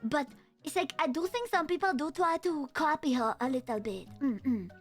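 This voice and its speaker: A woman's voice: high voice, normal speed, soft background music. A young woman with a Romanian accent chatting casually and jokily with her stream viewers, full of slang.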